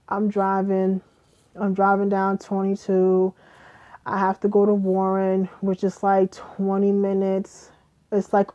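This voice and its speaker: A young adult woman casually retelling a story, animated and profane, acting out what everyone said. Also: mid-range voice, highs cut off. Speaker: vlogger.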